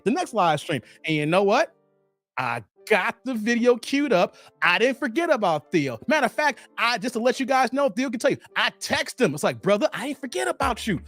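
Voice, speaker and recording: A man around forty hosting a casual livestream, slangy and animated, laughing and chatting with viewers. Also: high-pitched, dry recording. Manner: animated, slangy, laughs often, chats with the chat. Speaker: livestream host. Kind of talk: casual livestream chat reading viewer comments.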